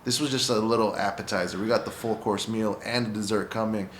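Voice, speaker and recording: Podcast cohost guy, low voice, laid back, echoey room. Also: brisk, slight background noise. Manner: brief affirmations, relaxed sign-off. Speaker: podcast co-host. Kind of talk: casual podcast chat.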